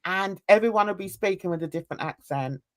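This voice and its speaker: A woman's voice: mid-range voice, fast talker, dry recording. Chatty English woman, faint Essex twang. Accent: southern English, slight Essex. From England, Essex countryside. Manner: chatty, rambling, exclaims often. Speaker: panelist. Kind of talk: casual panel chat.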